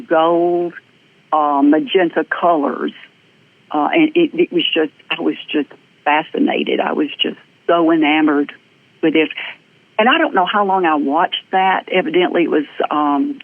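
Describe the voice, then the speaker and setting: A middle-aged woman with a Southern US accent, recounting her own experiences as an interview guest. Her telling is lively and earnest, with plenty of ums and uhs along the way. The sound is thin and phone-like, as if it came over a remote call. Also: deep voice. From American South. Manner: lively, earnest storyteller with frequent fillers. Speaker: guest, energy practitioner. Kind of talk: personal storytelling in an interview. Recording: tinny phone-like audio.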